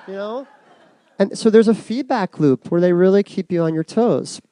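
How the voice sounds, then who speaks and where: A middle-aged man giving a reflective personal talk to an audience, soft and unhurried with many pauses. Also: sits high, expressive. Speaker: speaker giving a dharma talk.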